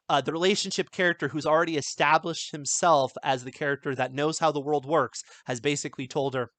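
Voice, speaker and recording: A man's voice: fairly high pitch, fairly bright tone, no room sound. Chatty male writing teacher, dry sound. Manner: conversational, many fillers and restarts; reads film quotes aloud. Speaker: writing instructor. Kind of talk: script analysis lesson.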